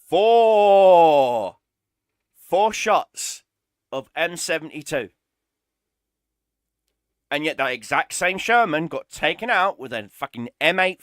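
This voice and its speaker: A man's voice: a little high, pushed and bright, no echo, clean studio sound. A man streaming a game, ranting in an exasperated, sarcastic way and swearing often. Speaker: gaming streamer. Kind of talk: ranting gameplay commentary.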